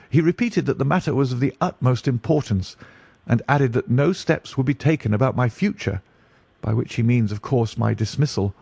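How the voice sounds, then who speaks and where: A man's voice: medium pitch, creaky, a little mellow, breathy edge, dry recording, voice pushed up. An anxious young diplomat, weak from illness and clinging to hope. A male narrator lifts his voice well above his own for him. Eager, fretful delivery, with a dry close sound.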